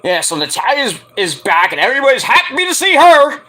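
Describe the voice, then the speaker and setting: A man casually recapping a wrestling show, animated, profane and sarcastic. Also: very high voice, a little fast, a little hiss or hum. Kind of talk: casual rant-style recap.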